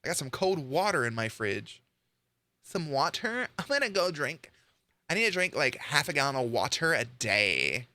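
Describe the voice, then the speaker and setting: A man's voice: a little high, big pitch swings, normal speed, pushed and bright, dry recording. A young man giving casual, blunt reaction commentary to a video, swearing freely and joking.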